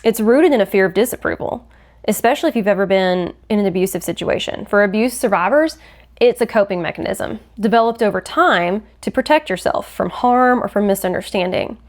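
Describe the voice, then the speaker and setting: A woman's voice: medium pitch, animated, fairly quick. Earnest woman podcast host teaching. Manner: earnest, explanatory, acts out quoted phrases. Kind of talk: faith-based teaching monologue.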